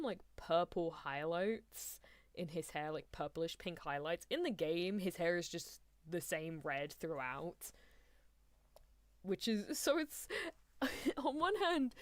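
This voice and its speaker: A woman's voice: on the low side, dry recording. A woman streaming a casual anime watchalong, chatting and giggling with her chat in rambling asides. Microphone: desk mic adjusted mid-stream.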